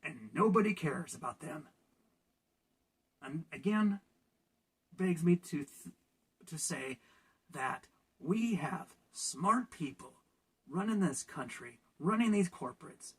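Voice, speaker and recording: A man's voice: on the high side, animated, slow, pauses often, a bit bright, slightly rough. A man from California ranting in a casual opinion vlog, sarcastic and laughing at his own jokes. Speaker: vlogger.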